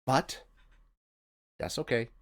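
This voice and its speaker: A man hosting a reaction video, rambling casually in late-night commentary. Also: slow pace. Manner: rambling, chuckling, tired late-night talk.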